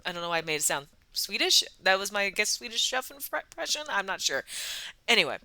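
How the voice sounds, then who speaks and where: A woman's voice: medium pitch, very animated, fast talker, pushed and bright, dry recording. A woman hosting a soda review vlog, telling a casual history with wry asides and frequent ums and uhs.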